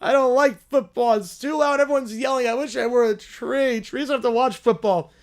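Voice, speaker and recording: A man's voice: extremely high pitch, fairly even intonation, moderate pace. A man putting on the voice of whiny, bratty young kids. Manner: whining, petulant.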